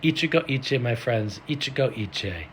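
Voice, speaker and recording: A man giving a motivational coaching talk as a mindset and self-leadership coach, with an animated delivery full of sudden loud stresses. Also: mid-range voice, normal speed, a little hiss or hum.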